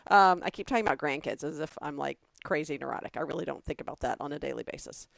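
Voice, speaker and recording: A woman in her forties chatting on a podcast, with a low, gravelly voice. She talks in a chatty, self-deprecating way and throws in animated asides. The sound is close and dry, with no room around it. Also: fast, no echo. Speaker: podcast co-host. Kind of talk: casual chat.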